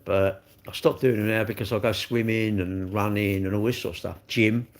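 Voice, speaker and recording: A man's voice: on the low side, steady tone, normal speed. A middle-aged man, chatting on a live stream and ranting with rhetorical questions. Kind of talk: casual live-stream chat.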